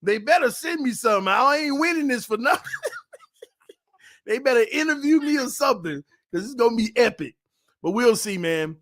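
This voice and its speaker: A man hosting a casual live stream, talking loud and playful with lots of trash talk. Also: very high voice, no echo, studio quality. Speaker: YouTube channel host. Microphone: desk mic, no headphones.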